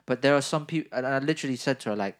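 A man's voice: mid-range voice, very fast. Man, twenties, casual chat, repeats phrases, restarts sentences. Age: 20s.

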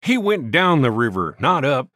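A man voicing a gruff, domineering frontier miner acting as judge, speaking bossily. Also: mid-range voice, big pitch swings, normal speed, a bit bright, no room sound, studio quality, pitched above the performer's own voice. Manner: gruff, bossy.

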